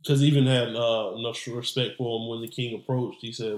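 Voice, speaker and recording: A man's voice: medium pitch, steady tone, a little fast. Laid-back man chiming in, echoey room. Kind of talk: casual movie recap chat.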